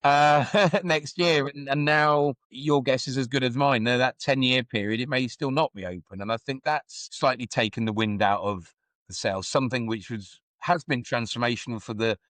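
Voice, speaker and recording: A middle-aged man speaks as a podcast guest in a thoughtful, musing way, often circling back with "you know" and restarting his sentences. His voice sits at a middle pitch. The sound is dry and close, with no room echo. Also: normal speed, a bit bright. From England. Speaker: guest, former football club executive. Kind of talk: podcast conversation.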